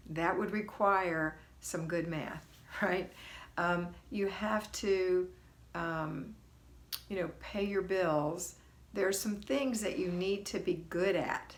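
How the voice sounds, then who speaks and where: A woman's voice: lowish voice, takes it slowly. A middle-aged woman hosting a homemaking livestream, greeting viewers by name and coaching in a chatty, folksy, encouraging way. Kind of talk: casual live coaching talk.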